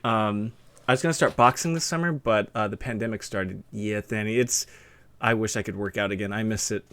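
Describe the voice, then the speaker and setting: A man's voice: on the low side, fairly quick, fairly bright tone. A young man with a lisp hosting a stream interview, talking in a loose, rambling way full of fillers. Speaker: stream host interviewing a guest. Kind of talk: casual chat.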